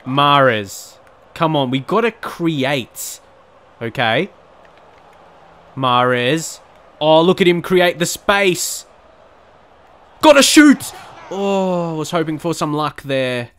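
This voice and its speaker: A young man giving live, excitable commentary on his own video game match, with quick outbursts of frustration. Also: on the high side. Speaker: gaming channel host.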